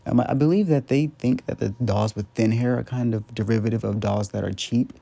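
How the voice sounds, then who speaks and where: A man's voice: medium pitch, a little fast, gravelly, mellow. A young man in casual voice-over, rambling chattily through a doll restyle with lots of ums and likes.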